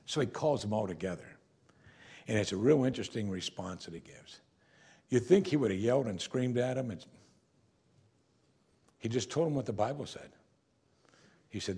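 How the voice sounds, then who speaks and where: A man preaching a sermon as a pastor, earnest, often dropping to a soft voice for quoted words. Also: lowish voice, expressive, normal speed, husky.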